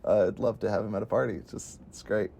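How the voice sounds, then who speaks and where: A man co-hosting a casual movie podcast, excitable, laughing often and acting out quotes. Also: lowish voice, fast, gravelly. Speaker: podcast co-host.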